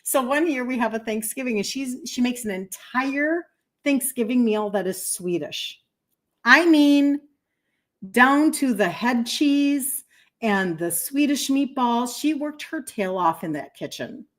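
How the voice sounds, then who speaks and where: A woman in her fifties hosts a casual livestream and tells a rambling personal story. Her voice sits fairly high, and she keeps pausing to thank viewers for their comments. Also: expressive. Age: 50s. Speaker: health coach hosting a livestream.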